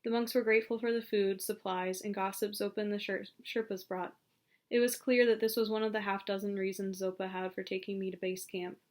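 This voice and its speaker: A woman narrating an audiobook in a calm, even storytelling manner. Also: mid-range voice, fairly quick. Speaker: audiobook reader.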